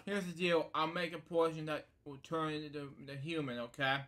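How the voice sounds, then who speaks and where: A scheming sea witch sealing a bargain in a bedtime storybook, as a man reads her lines. She coaxes her listener, keeps checking "okay?", and sits a little high in pitch. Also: fairly even intonation, moderate pace, fairly bright tone, slight background noise, lightly acted. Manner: coaxing, keeps asking "okay?". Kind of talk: storybook read-aloud.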